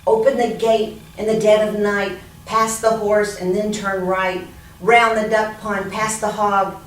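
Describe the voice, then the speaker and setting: Plotting thieves read by a woman, hushed and sly, slow, roomy sound. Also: mid-range voice, level tone, a little hiss or hum, lightly acted. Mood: scheming. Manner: hushed, conspiratorial. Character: two scheming male thieves plotting a theft. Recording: roomy echo from a distant mic.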